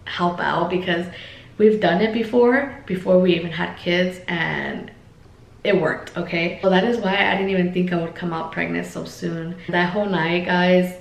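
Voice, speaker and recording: Chatty young woman with gravelly voice. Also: lowish voice, steady tone, normal speed. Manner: chatty, many fillers, addresses viewers as guys. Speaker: vlogger. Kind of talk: casual storytime vlog. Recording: echoey room.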